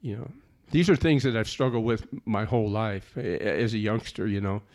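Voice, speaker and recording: Earnest man with a low voice. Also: fairly quick, darkish tone. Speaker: speaker giving a personal testimony. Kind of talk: personal testimony.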